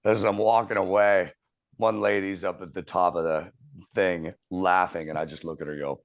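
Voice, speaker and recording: Profane low-voiced man telling a story. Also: steady tone, normal speed, creaky. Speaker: podcast host. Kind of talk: casual storytelling chat.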